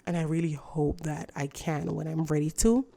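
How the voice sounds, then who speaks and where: A woman's voice: low voice, little pitch movement, moderate pace, gravelly, mellow, no room sound. A woman in her thirties ranting to camera in a casual vlog, blunt and emphatic, with frequent swearing. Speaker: vlogger. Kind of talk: casual morning rant to camera.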